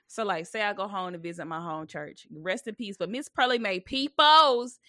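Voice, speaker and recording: A woman's voice: medium pitch, normal speed, bright, forceful tone, no echo, clean studio sound. A young woman co-hosting a comedy podcast in casual chat, joking and mimicking older relatives. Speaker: podcast co-host.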